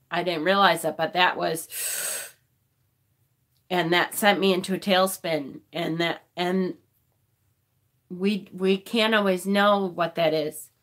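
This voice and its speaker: A woman in her forties, crying, chats casually on a live stream recorded with a phone. Her mid-range voice sounds pushed and bright, and she's emotional and tearful, often laughing and swearing.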